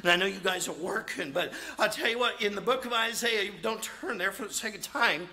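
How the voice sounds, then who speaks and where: A man preaching as an evangelist, animated, acting out quotes in his sermon. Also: high voice, fairly quick.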